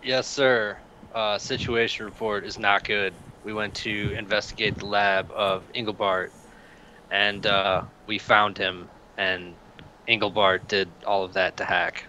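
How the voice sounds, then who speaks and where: A man's voice: on the low side, fairly even intonation, unhurried, sharp tone, slight background noise, rough recording. A man playing a tabletop game, giving in-character reports in a dutiful way. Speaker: player. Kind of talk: in-character tabletop role-play.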